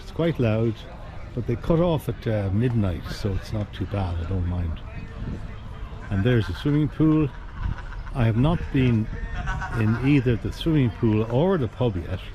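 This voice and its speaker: A man's voice: medium pitch, expressive, a little slow. Chatty middle-aged Irish man outdoors. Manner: chatty and easygoing, rambling with fillers. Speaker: travel vlogger. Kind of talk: casual chat to camera. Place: outdoors on a busy street. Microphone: handheld action camera. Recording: outdoor street noise behind.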